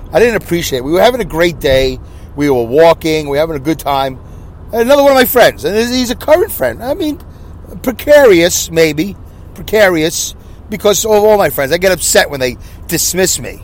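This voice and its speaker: A man in his sixties with a New York accent, hosting a solo podcast in a jokey, self-deprecating, rambling way. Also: on the high side. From Brooklyn, New York. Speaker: podcast host.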